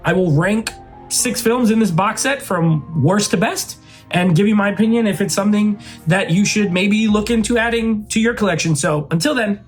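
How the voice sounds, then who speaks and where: A man with a notably high-pitched speaking voice talks through a film review in an easygoing, unscripted way. He rambles, restarts sentences and leans on fillers like "like" and "you know.". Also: moderate pace, soft background music. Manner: rambling, loose, heavy on "like" and "uh" fillers. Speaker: movie reviewer, channel host. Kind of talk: casual spoken film review.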